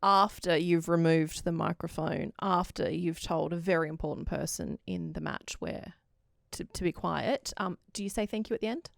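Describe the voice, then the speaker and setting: Woman host with a gravelly voice. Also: fairly low pitch, expressive, moderate pace, few pauses, dry recording, clean studio sound. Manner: friendly, asks questions, laughs often. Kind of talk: casual podcast chat.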